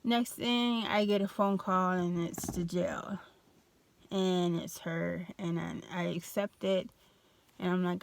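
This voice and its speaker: A woman's voice: lowish voice, creaky, dry recording. A young adult woman telling a personal story in a casual vlog, loose and full of fillers and restarts. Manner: slow, even, flat delivery. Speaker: vlogger.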